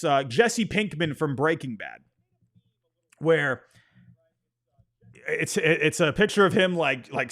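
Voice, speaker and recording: Fairly high in pitch, this man vents about sports on his podcast, animated and exasperated. It's a casual opinion rant where he circles back over the same points and apologizes for ranting.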